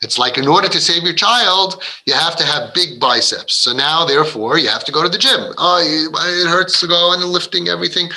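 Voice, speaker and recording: Man, parenting speaker, inspirational talk, earnest, rambling, somewhat high voice. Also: brisk, hardly any pauses, pushed and bright, rough recording. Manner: earnest, rambling, with frequent restarts; acts out quoted voices of kids and parents.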